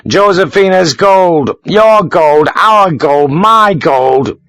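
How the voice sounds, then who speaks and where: A man's voice: mid-range voice, big pitch swings, slow pace, gravelly, pushed and bright, no room sound, exaggerated voice. A man voicing a blunt, cocky soldier who gives curt commands.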